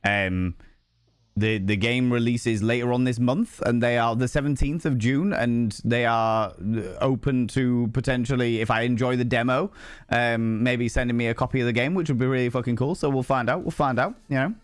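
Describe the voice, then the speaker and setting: A man's voice: medium pitch, fairly even intonation, normal speed, smooth, dry recording, studio quality. A man streaming a game live, ill with a cold, chatting to viewers in a playful, sing-song, flamboyant way. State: sick with a cold.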